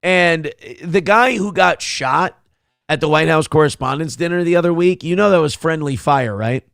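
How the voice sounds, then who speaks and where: A man's voice: fairly high pitch, moderate pace, creaky, a bit bright, no room sound, studio quality. A man hosting a live stream, ranting profanely and sarcastically while reading the chat. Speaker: live show host.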